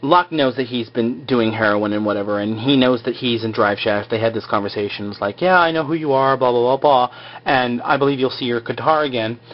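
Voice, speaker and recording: A man's voice: mid-range voice, fairly even intonation, brisk, lo-fi sound. A man casually recapping a TV episode, rambling with lots of fillers like "like" and "you know.".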